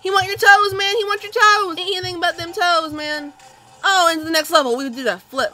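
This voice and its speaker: High, bright, squealing gamer woman. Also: a little fast, soft background music. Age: young adult. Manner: loud, cursing, squealing reactions. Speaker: gaming video host. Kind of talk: excitable gameplay commentary.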